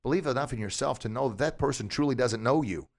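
He's a fast talker with a medium-pitched voice, hosting a podcast where he, as a martial arts instructor, gives an energetic motivational talk. He poses a stream of rhetorical questions to listeners.

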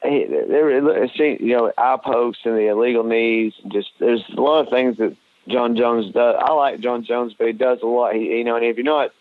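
A man with a drawl talks through fight results in a loose, rambling way, circling back with fillers and blunt cursing. His voice comes through a dry, tinny, phone-like line. He sits at an ordinary pitch. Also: moderate pace, no room sound. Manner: rambling, many restarts and fillers, blunt with swearing. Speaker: co-host of a fight podcast. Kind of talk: casual sports talk.

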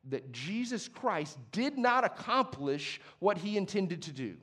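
A young adult man preaching a sermon as pastor, conversational and passionate, moving from hushed to emphatic. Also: high voice, sing-song, measured pace, slightly rough.

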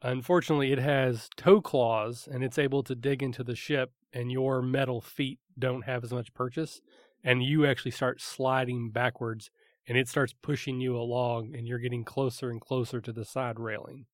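A man's voice: mid-range voice, fairly even intonation, normal speed, no room sound. Man narrating as game master, dry sound. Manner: vivid descriptive narration with fillers.

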